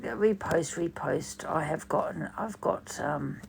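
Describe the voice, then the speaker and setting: A woman chatting casually on a livestream, rambling and swearing as she goes. Her voice is deeply gravelly and fairly low, and she takes her time with each phrase. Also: takes it slowly, background noise. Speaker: livestream host. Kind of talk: casual chat.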